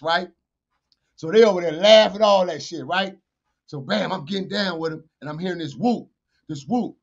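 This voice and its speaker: A man, a podcast guest telling a street story with profanity, acted-out dialogue and shouted sound effects. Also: high-pitched, brisk. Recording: dull lo-fi podcast audio.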